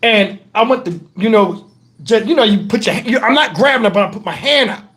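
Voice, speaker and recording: A man's voice: high voice, fairly quick. A middle-aged man, telling a rambling story as host of his own channel. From Texas, USA. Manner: animated, profane, rambling with many asides. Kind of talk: casual storytelling to camera.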